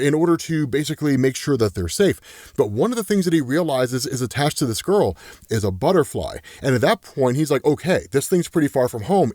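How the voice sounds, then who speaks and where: Brief: chatty male comics host, lively swooping pitch, dry close mic. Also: no room sound. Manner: chatty, keeps asking "right?", laughs often. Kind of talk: casual comics recap.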